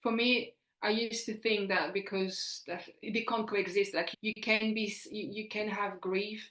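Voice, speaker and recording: A fertility coach in her forties appears as a podcast guest, her mid-range voice fairly bright. She's earnest and encouraging, often restarting sentences, and the recording has a roomy echo.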